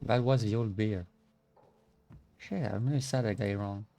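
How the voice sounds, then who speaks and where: A man's voice: on the low side, steady tone, normal speed, dark tone. A man streaming a video game live, muttering to himself and poking fun at his own mistakes. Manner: muttering, self-deprecating. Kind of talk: live gameplay commentary.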